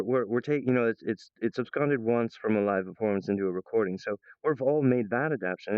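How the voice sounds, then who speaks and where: A man talking in an excitable, rambling improvised monologue, jumping between ideas and restarting his sentences. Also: mid-range voice, clean tone, dry recording. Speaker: video creator. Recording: dull, lo-fi, dry sound.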